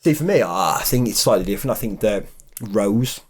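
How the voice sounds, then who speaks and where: A man co-hosting a casual chat, relaxed, steering the talk with questions. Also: lowish voice, fairly quick, slightly rough. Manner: relaxed, leads the questions, says "reckon" and "brilliant". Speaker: podcast co-host.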